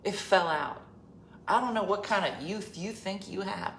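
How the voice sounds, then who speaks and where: A woman's voice: medium pitch, normal speed, a little hiss or hum. A woman of fifty telling a joking, exasperated story in a casual chat. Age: 50s. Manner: animated, exasperated, joking rant. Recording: roomy echo.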